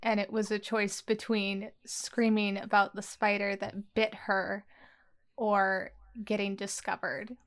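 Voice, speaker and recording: A woman's voice: medium pitch, level tone, slow. A woman describing her character's fears as a player in a tabletop game, in earnest storytelling.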